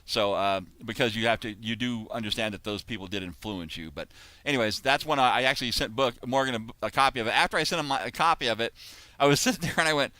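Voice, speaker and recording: A man's voice: mid-range voice, fast, pushed and bright, no room sound. A middle-aged man, an author hosting a video call, chatting in a rambling way with restarts. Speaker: co-author and host. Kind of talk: casual chat.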